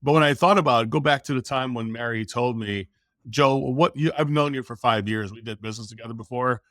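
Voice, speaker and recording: Middle-aged guy, mid pitch, dry studio mic, tells a story and acts out every quote. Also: quick pace, fairly bright tone, dry recording. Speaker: podcast guest. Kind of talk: casual storytelling.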